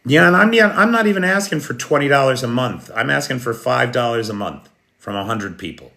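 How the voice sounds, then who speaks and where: An American man with a bright, edged voice hosts a live news stream. He talks in a loose, chatty way, reads out viewers' comments and answers them by name, clearing his throat now and then. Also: medium pitch, lively intonation, brisk. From United States. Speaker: livestream news host. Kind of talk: casual live chat reading viewer comments.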